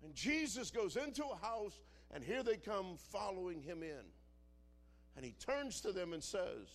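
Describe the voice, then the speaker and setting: Fervent preacher, fairly high voice. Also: male voice, big pitch swings, a little slow. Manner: builds from quiet to shouting, dramatic preaching. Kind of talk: sermon.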